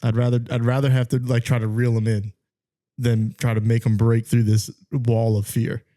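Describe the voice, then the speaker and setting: A man's voice: medium pitch, level tone, normal speed, warm tone. A man co-hosting a podcast, easygoing and chuckling often. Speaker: podcast co-host. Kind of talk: casual chat.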